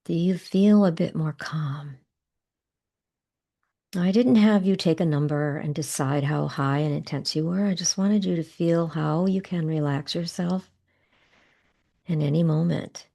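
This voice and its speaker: Gravelly, mellow-voiced woman coaching tapping. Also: deep voice. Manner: gentle, unhurried guidance with soft pauses. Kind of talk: guided tapping instruction.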